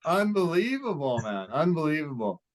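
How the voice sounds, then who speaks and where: A man co-hosting a sports podcast in casual chat, animated and laughing, mimicking fighters as he talks. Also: fairly high pitch, normal speed.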